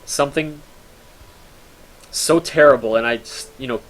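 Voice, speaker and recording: A man's voice: mid-range voice, a little slow, fairly bright tone. A young man telling a story casually to his stream chat, with rambling fillers and mock-horror drama.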